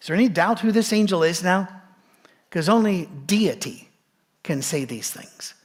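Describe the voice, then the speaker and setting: A man preaching a sermon in a conversational way, with joking asides and a gravelly voice. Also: sits high, lively intonation, a little slow. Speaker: pastor.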